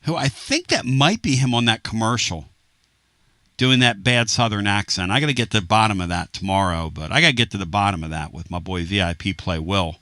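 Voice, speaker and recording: A man hosting a sports talk radio show, animated and rambling with quick asides and jokes. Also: lowish voice, no echo. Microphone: studio microphone.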